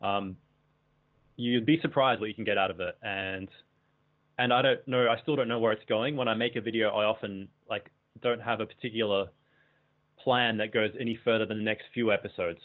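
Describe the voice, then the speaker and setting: A low-voiced man from Australia comes through a thin, tinny call line. He talks casually and hesitantly, often trailing off with "um" and "you know" before finding his point. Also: fairly even intonation, fairly quick. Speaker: fellow channel creator, guest. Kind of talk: casual interview conversation. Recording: tinny phone-like call audio.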